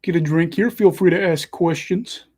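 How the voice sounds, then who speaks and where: Young male livestream host, fairly high mellow voice, casual chatty hockey commentary. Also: normal speed, slightly rough. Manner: chatty, self-deprecating, follows play live.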